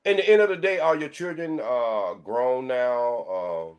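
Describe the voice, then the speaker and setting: A man's voice: medium pitch, expressive, measured pace. A man talking casually on a live-stream panel, folksy and preachy. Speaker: panel guest.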